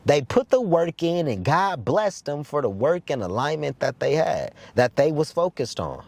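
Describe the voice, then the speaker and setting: Young male host, casual storyteller, profane and excitable, keeps checking in with the listener. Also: a little high, moderate pace, gravelly. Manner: loose, profane, with repeated filler questions; animated, stumbling restarts when excited.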